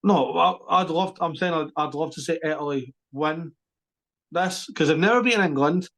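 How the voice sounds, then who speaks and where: A man co-hosting a podcast, chatting about sport in an animated, emphatic way with quick restarts. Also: on the high side. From Scotland. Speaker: podcast co-host. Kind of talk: casual sports chat.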